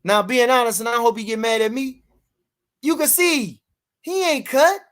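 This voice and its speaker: A man streaming a heated boxing rant to his live chat, loud and repetitive, swearing freely and breaking into shouts. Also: very high voice, moderate pace.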